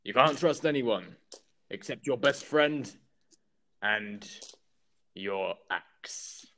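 A man's voice: medium pitch, expressive, drawn-out words, bright, forceful tone, pitched below the performer's own voice, heavily acted. A man voicing a proud adult warrior who speaks solemnly about his trusted axe.

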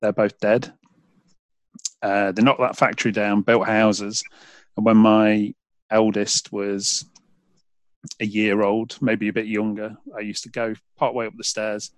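A man's voice: on the low side, flat delivery, a little slow, long pauses, no echo. A man in his thirties with a Derby English accent, hosting a podcast and telling rambling stories with many restarts. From England. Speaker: podcast host. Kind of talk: casual chat.

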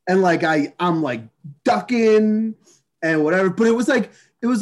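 A man's voice: high voice, lively intonation, moderate pace. A man telling a long story in casual chat, rambling with many restarts, fillers and swear words.

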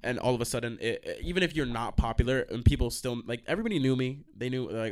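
Excitable, cussing young man rambling. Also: medium pitch, fast, hardly any pauses. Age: young adult. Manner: profane, excitable, jumps off track. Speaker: college radio host. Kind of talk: casual rambling monologue. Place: college radio station studio.

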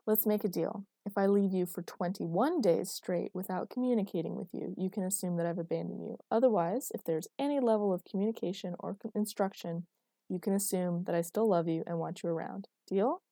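A woman's voice: mid-range voice, a little fast, vocal fry, dark tone, dry recording, studio quality. A woman reading aloud, voicing an intense, protective young man who speaks emphatically. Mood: insistent.

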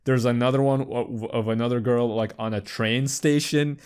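A young man hosting a podcast, chatting casually in a rambling, profane way and jumping into high squeaky voices for quips. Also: fairly even intonation, moderate pace, a little mellow, clean tone. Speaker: podcast host. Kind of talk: casual chat.

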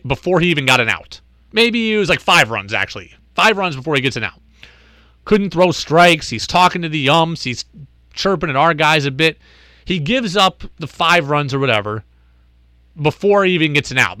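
A man hosting a sports talk show, telling a story in an animated, exasperated way. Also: fairly high pitch, no room sound.

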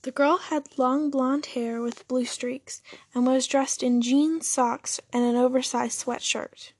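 Husky, gravelly woman reading a story. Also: high-pitched, steady tone, slow, darkish tone, no room sound, studio quality. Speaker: story narrator. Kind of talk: reading a fan story aloud.

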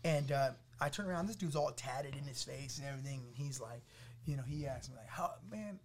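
A man from the Los Angeles area telling his testimony as a podcast guest, acting out what people said to him in an animated way. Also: medium pitch, fast, slight background noise. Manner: animated, acts out quoted voices, laughing through funny parts. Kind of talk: storytelling testimony.

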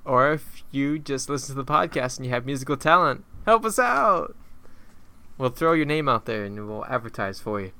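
A man's voice: mid-range voice, brisk, hardly any pauses, sharp tone, smooth. A man hosting a casual movie review podcast, steering the segments and stammering at the start of phrases. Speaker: podcast host.

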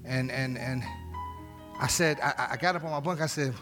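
A man's voice: fairly high pitch, animated, a little fast, over music. A middle-aged man preaching a storytelling sermon in a church, emotional and repetitive, dropping into slangy asides. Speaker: pastor. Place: church sanctuary.

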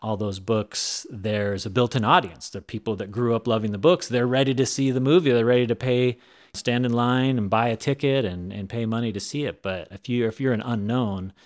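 An author guest in an interview, a man with a medium-pitched voice at normal speed, tells stories casually. He rambles animatedly and keeps restarting his sentences.

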